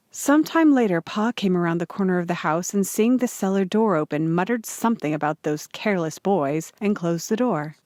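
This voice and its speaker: A woman's voice: fairly low pitch, darkish tone, dry recording, studio quality. Woman reading a children's story. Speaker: audiobook reader.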